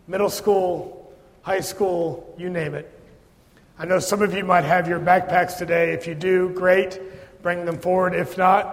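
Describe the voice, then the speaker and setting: A pastor with a somewhat high voice speaks with earnest, inviting warmth to his congregation. A long church reverb hangs behind his words. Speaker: pastor leading worship. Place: church sanctuary.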